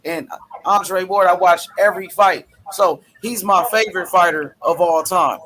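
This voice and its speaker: A man's voice: sits high, moderate pace, a crowd in the background. A man hosting a casual boxing chat, enthusiastic and leaning on "you know". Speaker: boxing channel host.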